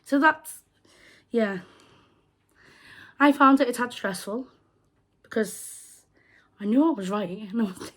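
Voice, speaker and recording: A young British woman vlogging, telling a story in a casual, animated way and acting out the people she quotes. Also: on the high side, measured pace, long pauses. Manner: animated retelling, acts out quoted voices. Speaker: crochet vlogger.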